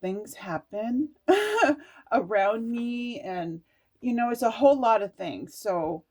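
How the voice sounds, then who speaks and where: A tired woman reading aloud from an oracle card book and reflecting in a meandering, halting way with laughs. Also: on the low side, darkish tone. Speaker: spiritual oracle card reader. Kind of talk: casual spiritual vlog, reading aloud and reflecting.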